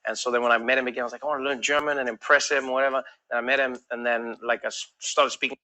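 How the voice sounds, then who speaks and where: A man in his thirties doing stand-up crowd work, telling stories in an animated way and acting out the people in them. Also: medium pitch. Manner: animated storytelling, acting out voices in quick back-and-forth. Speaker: comedian. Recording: noisy live stage recording.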